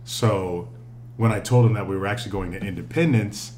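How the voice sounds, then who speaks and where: A man co-hosting a podcast, telling a story in an animated, profane, casual way, laughing often. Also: on the low side, a little fast, a little hiss or hum. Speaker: podcast co-host.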